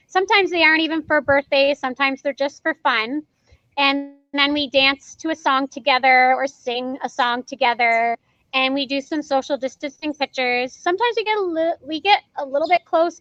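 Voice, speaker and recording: An animated woman tells stories in a casual interview, acting out the dialogue and laughing as she goes. Her voice is bright and forceful. The recording is dry and a little dull. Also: high-pitched, no room sound. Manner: animated, acts out quoted dialogue, laughs often. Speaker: party character performer.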